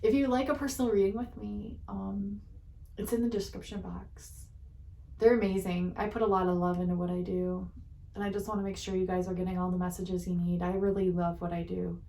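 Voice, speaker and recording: A woman's voice: medium pitch, little pitch movement, fairly quick, vocal fry, dark tone. Woman, tired, rambling, giggly, self-mocking, distant mic, echoey room. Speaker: channeled-message reader. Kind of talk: casual rambling chat to viewers. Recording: roomy echo, distant from mic.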